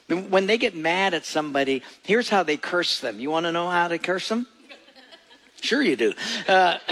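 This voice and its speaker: Male pastor, folksy sermon, gravelly voice, echoey church hall. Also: high voice, fairly bright tone. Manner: folksy storytelling with jokes.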